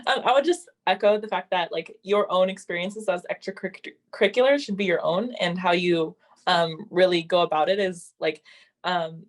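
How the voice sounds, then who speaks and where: A woman's voice: fairly low pitch, normal speed. A young woman on a student panel, giving casual advice with frequent fillers.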